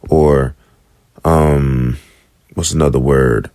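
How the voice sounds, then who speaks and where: A man with an African American English accent teaching the Hebrew alphabet in a casual lesson, slowly repeating each letter's sound. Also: a bass voice, no echo. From United States.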